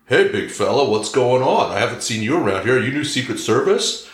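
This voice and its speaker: A man voicing a chatty man on a paddleboard who greets a stranger in a high, eager voice. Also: big pitch swings, brisk, reverberant, lightly acted.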